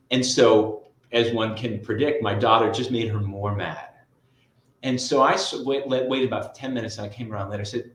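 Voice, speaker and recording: A middle-aged man, a guest tutor and author, telling stories in a lively conversational interview and often adding "right?". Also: medium pitch, normal speed, reverberant, poor audio. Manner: lively, storytelling, frequent "right?" asides.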